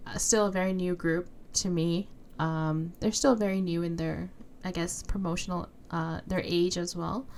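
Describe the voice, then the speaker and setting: A woman hosting a reaction video, talking casually and excitedly with fillers. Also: on the low side. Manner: chatty and excitable, with laughs and fillers.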